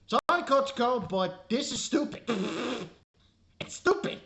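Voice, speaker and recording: In a casual spoken review, a fed-up woman tears into an anime episode, swearing freely as she vents. Her voice sits on the high side and is a bit bright, slow, and expressive, leaping up and down in exasperation.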